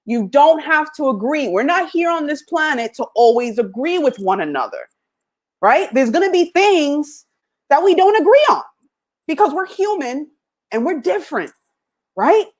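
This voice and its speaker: In her motivational podcast, a middle-aged host speaks at a moderate pace in a high, bright voice with wide pitch swings. She acts out past conversations while telling stories, frequently laughing, and the whole talk feels lively and personal.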